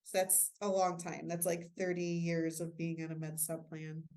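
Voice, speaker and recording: A woman with a slightly low voice leads an insurance training webinar. She explains enrollment rules in a relaxed, casual way, dropping in fillers and self-deprecating jokes. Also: normal speed.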